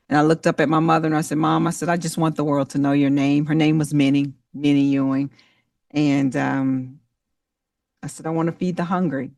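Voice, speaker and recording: Gravelly woman telling her story. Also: sits low, no echo, studio quality, far from the mic. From Dallas, Texas. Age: 50s. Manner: earnest storytelling, emphatic and expressive. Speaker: founder and speaker. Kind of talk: motivational testimony on a webinar.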